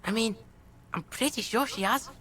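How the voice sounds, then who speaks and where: A woman's voice: on the high side, normal speed, a bit bright. A woman voicing a brash, foul-mouthed young street boy in a video game who swears and talks about himself in the third person. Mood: cocky.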